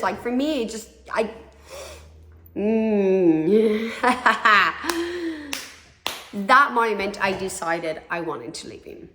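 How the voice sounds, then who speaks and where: A woman's voice: a little high, lively intonation, slow pace, pushed and bright. A woman in her thirties telling her own story candidly, frank and blunt, swearing freely and acting out what others said. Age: 30s. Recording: echoey room.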